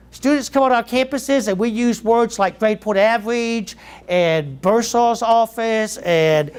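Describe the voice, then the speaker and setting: A middle-aged man from Southeast Georgia with a Georgia accent, giving a keynote speech to educators and telling lively stories that draw in the audience. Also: extremely high pitch. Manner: lively storyteller who quizzes the audience. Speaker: keynote speaker.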